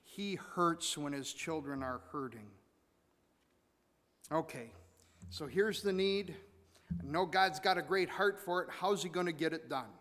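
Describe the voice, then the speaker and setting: A pastor preaching in a church, his voice sitting a little high for a man and ringing out in a long hall reverb. He talks in a conversational way, repeating words and pushing some lines suddenly loud. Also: unhurried, long pauses. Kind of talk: sermon. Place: church sanctuary.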